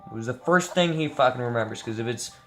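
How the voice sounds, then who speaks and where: A man's voice: medium pitch, fast, faint music behind. A young man giving casual, rambling and profane gameplay commentary, sleepy and joking as he plays. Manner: tired, rambling, jokey and profane. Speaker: gameplay streamer.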